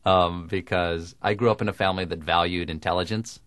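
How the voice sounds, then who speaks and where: Middle-aged man, dry crisp diction, low-ish voice, dead-dry studio sound. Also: fairly even intonation, a little fast, fairly bright tone, no room sound. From American South. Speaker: comedian guest. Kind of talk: radio interview conversation.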